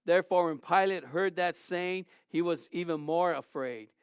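Through a muffled recording without echo, a pastor's high, clear and resonant voice moves at a moderate pace. He reads scripture aloud during his sermon, directly asks his listeners questions, and lifts his voice to stress key words.

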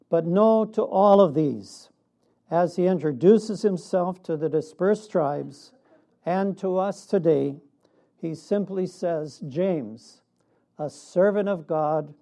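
A man preaching a sermon in a measured way, with a laugh now and then. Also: on the high side, vocal fry, dark tone. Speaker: pastor.

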